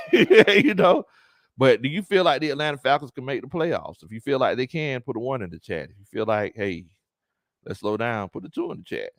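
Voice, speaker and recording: A man's voice: medium pitch, very animated, moderate pace, no echo, studio quality. A man hosting a casual live-stream sports chat, reading viewer comments aloud and laughing often. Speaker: sports talk show host.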